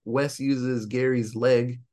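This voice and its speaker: A man's voice: medium pitch, takes it slowly. A man hosting a podcast, casually recapping a horror film and acting out the characters' lines. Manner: animated storytelling, acting out quoted lines. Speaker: podcast host.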